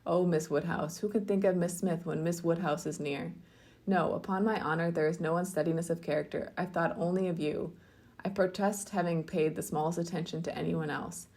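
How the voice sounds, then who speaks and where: Pompous ardent young gentleman, effusive, low gravelly voice, read by a woman. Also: fairly even intonation, fairly quick. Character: conceited young male clergyman, ardent and pompous.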